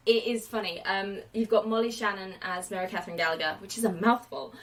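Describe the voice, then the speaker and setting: A woman's voice: mid-range voice, brisk. Chatty woman film podcaster, mic a bit distant. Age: late 20s. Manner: chatty, animated, many fillers and quoted asides. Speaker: podcast host. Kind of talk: casual film podcast chat.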